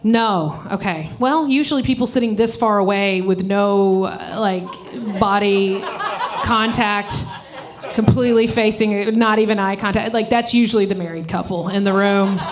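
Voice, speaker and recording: A woman's voice: mid-range voice, normal speed. A woman comedian doing a live stand-up set on a stage mic, brash and profane, teasing people in the audience. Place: live comedy show venue.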